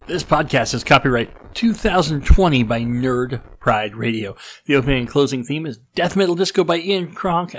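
A man's voice: mid-range voice, fairly bright tone, rough recording. A man hosting a podcast in casual, rambling chat with many restarts, his nose stuffed up and slightly congested. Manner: rambling, self-deprecating, frequent restarts and fillers. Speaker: podcast host.

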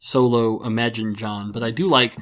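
A man's voice: medium pitch, steady tone, moderate pace, a bit bright. A man hosting a casual podcast, rambling and self-mocking, with lots of fillers. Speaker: podcast host.

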